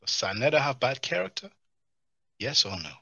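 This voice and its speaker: Man, live-stream host, mocking commentary, reads chat, bright tone, dry close sound. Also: medium pitch, very animated, moderate pace, gravelly, no room sound. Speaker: streamer reacting to clips.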